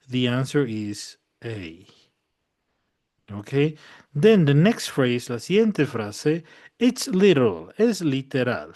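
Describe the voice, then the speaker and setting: A man's voice: fairly high pitch, darkish tone, no echo. Bilingual male English teacher, dry sound. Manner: mixes English with Spanish translations, checks understanding often. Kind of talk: bilingual classroom lesson.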